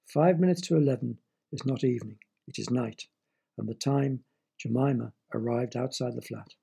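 A man narrating a short story in a measured, expressive storybook reading. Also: mid-range voice, vocal fry, breathy edge.

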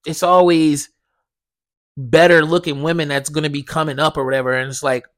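A young man hosting a podcast, telling a dream story in a casual, animated way, swearing a lot and acting out the dialogue. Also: fairly high pitch, a little fast. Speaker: podcast host.

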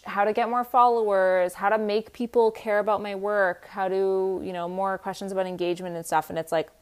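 A young woman talks casually into her podcast mic, giving friendly advice. Her voice sits a little low, and she leans on "like" and "um" as she goes. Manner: chatty, many fillers like "like" and "um". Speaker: podcast host.

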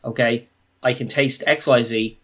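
A man's voice: mid-range voice, fairly even intonation, a little slow. A man, co-hosting a podcast and talking animatedly, acting out his own reactions. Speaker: podcast co-host. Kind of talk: casual chat.

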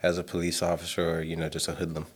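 A man co-hosting a podcast who makes his points in a measured, reflective way and keeps checking that the others follow. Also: low voice, monotone, breathy edge. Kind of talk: casual podcast discussion.

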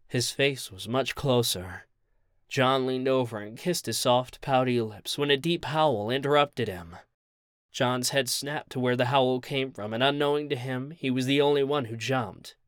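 Guy reading a spooky story for a podcast, dead dry mic, even delivery. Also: medium pitch, measured pace, no echo. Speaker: podcast narrator.

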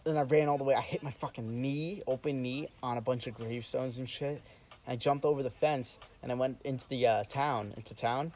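A man's voice: mid-range voice, a little fast, poor audio. A young man in casual conversation tells a rowdy story among friends, cursing freely and laughing through it. His voice sits in an ordinary middle range. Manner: profane, animated storytelling with laughs. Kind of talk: casual chat.

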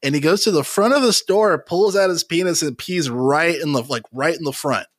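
A man's voice: a little high, moderate pace, breathy edge, dry recording. A man hosting a casual gaming podcast, rambling with lots of fillers and frequent laughter. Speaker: podcast host. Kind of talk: casual chat.

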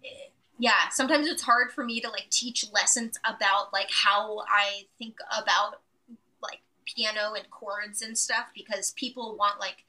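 A woman's voice: mid-range voice, steady tone, a little slow, pushed and bright. A woman pianist as an interview guest, talking hesitantly and searching for the right words. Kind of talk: casual interview chat.

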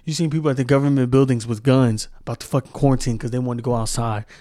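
Speaking fast in a dark, medium-pitched voice with fairly even intonation, a man hosts a solo podcast and launches into a heated, heavily profane rant. He repeats himself and often starts sentences over as he gropes for words, all in studio-quality audio without room sound.

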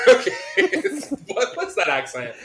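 A man co-hosting a casual chat podcast, animated and quick to laugh, swearing freely. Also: high voice. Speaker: podcast co-host.

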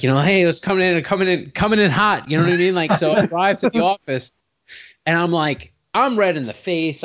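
A man, telling a long personal story in casual talk, acting out the voices of the people in it, full of "like" and restarts. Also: a little high. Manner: animated, acts out quoted voices with sudden loud jumps; heavy use of "like" and restarts, swears casually. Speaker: guest telling his career story.

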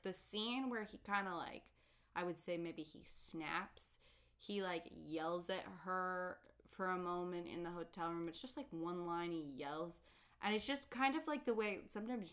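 Bright-voiced teasing female co-host. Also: on the low side. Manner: teasing, laughing, opinionated. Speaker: podcast co-host. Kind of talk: casual movie review chat.

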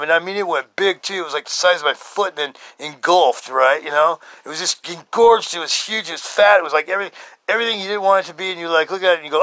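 A man in his fifties telling a story as a podcast host, casual and excitable, swearing and laughing often. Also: high voice, fairly quick, no room sound. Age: 50s.

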